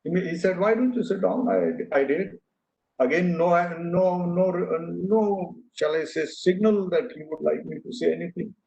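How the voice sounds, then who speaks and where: A man's voice: high-pitched, fairly even intonation, unhurried, gravelly, mellow. Older man speaking in an echoey hall. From India. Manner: anecdotal, earnest, with frequent fillers and restarts. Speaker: speaker giving a talk. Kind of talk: speech to an audience. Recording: echoey hall, dull lo-fi sound.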